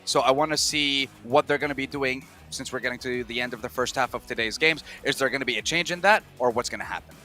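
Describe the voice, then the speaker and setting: A man talking as an esports analyst, explaining his team picks in a measured way. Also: medium pitch, pushed and bright, faint music behind. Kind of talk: analyst desk chat.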